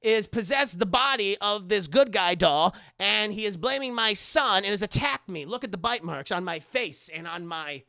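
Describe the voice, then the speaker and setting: A man's voice: high voice, lively intonation, moderate pace, vocal fry, hardly any pauses, pushed and bright, dry recording, studio quality, full character voice. A man voicing a distraught single mother, pleading urgently to be believed.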